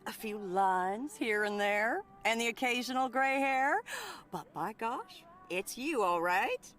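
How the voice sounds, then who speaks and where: A woman's voice: on the high side, lively intonation, slow, a bit bright, pitched above the performer's own voice. A woman voicing a chatty, doting middle-aged woman who runs a diner, in a put-on American Southern accent, calling everyone hon. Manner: folksy, doting, calls people hon.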